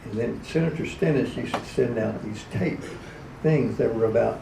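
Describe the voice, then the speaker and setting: A gravelly-voiced man spins folksy, chuckling stories, dropping into quick character voices along the way. He's heard from a distance in an echoey hall, with room noise humming behind him. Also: medium pitch, mellow. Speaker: radio personality telling stories. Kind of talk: anecdotal storytelling at a live event. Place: event hall. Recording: echoey room, recorded from far off.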